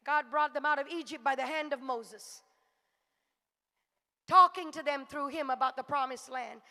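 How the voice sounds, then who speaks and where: A woman's voice: high voice, normal speed, pushed and bright, long reverb tail. A woman preacher delivering a fervent sermon to a congregation. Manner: fervent, rising to exhortation.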